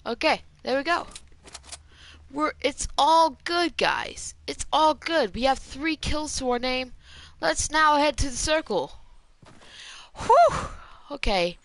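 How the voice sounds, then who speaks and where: A woman giving live commentary on an online shooter game, chatting to viewers and reacting excitedly to the action. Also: high voice, unhurried, dry recording. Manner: excitable, talks to viewers while playing, mild exclamations. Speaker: gaming commentator.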